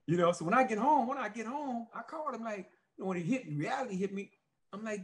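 Animated rambling man. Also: sits high, a little fast. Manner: rambling, animated storytelling with many fillers. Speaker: interview guest, former football player. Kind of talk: casual storytelling interview.

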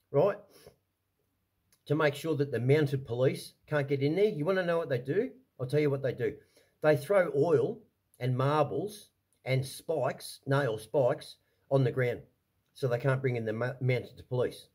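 A man's voice: medium pitch, darkish tone, husky. An Australian man delivering an angry, heated vlog rant to camera, swearing often and repeating himself as he restarts his sentences. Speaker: vlogger. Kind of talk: angry ranting monologue.

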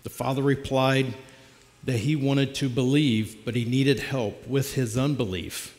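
A middle-aged man preaching a personal testimony sermon as a lay preacher, in a plainspoken, conversational storytelling way. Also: mid-range voice. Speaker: lay preacher filling the pulpit. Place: church sanctuary. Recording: long church reverb.

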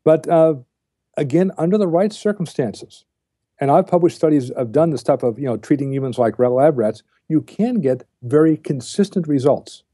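Blunt older man with husky voice. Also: a little high, expressive, normal speed, dark tone, dry recording, clean studio sound. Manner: blunt, lecturing, emphatic. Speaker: guest, diet researcher. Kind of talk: podcast interview.

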